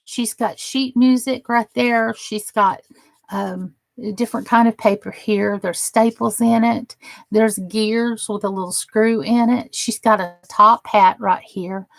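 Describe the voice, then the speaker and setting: Slow, gravelly-voiced woman live streamer. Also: on the high side, fairly even intonation, dry recording. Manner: gushing and admiring, chatty asides. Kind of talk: casual live-stream chat.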